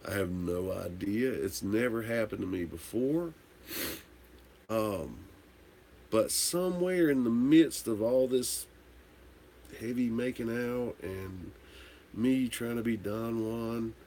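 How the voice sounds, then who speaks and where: Gravelly tipsy man rambling a story. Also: mid-range voice, slow, long pauses, dark tone, slight background noise. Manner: rambling, candid, swears casually. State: tipsy from drinking. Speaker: livestream host answering viewer comments. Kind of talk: casual storytelling chat.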